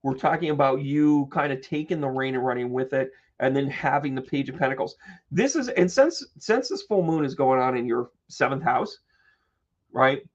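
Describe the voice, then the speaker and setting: A man hosting a live-stream tarot reading who chats with viewers, playful and joking with quick asides. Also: medium pitch, animated, lo-fi sound. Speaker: psychic medium and tarot reader.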